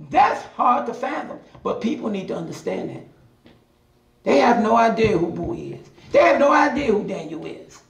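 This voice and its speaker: A man's voice: very high-pitched, sing-song, normal speed, gravelly. A man teaching a Bible study class in a passionate, hollering preaching style, hammering points home with repetition. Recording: echoey room, mic at a distance.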